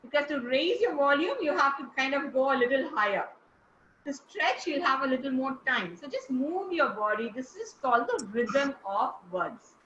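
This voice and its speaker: A woman's voice: high voice, animated, normal speed, a bit bright, a little hiss or hum. A woman, coaching a club group on word stress, explaining step by step and putting questions to the room. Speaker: speaking coach. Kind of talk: classroom lesson on word stress. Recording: echoey room, dull lo-fi sound.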